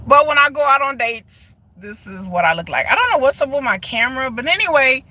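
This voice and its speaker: A woman, chatting casually to her viewers on a phone live stream from inside a parked car, animated and talkative. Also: high voice, a little fast. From Texas. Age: 40s. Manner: chatty, animated, often laughs and says y'all. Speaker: vlogger. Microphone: phone held at arm's length.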